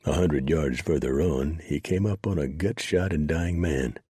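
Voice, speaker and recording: A man narrating an audiobook in a steady, unhurried storytelling manner. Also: very deep voice, breathy edge, no echo, clean studio sound.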